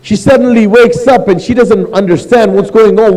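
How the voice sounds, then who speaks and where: A man's voice: sits high, normal speed, warm tone, in a large hall, low-quality recording. A man preaching a sermon, retelling a mourning narrative and quoting its figures in his own voice. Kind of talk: sermon storytelling. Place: mosque hall.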